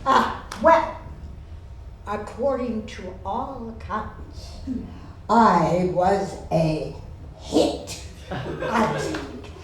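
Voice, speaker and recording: Woman in her nineties, cabaret storyteller, very slow wry delivery, echoey theater heard from afar. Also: mid-range voice, slight background noise. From Boston, USA. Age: 90s. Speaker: cabaret performer. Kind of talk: live comic storytelling. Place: theater stage. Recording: echoey theater, far from mic.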